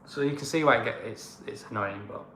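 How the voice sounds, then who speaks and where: A man's voice: medium pitch, fast talker, bright, forceful tone, a little hiss or hum. Man, northern English accent, blunt, ranting, casual livestream, roomy echo. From northern England. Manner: blunt, ranting, fond of moaning. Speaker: co-host of a travel channel.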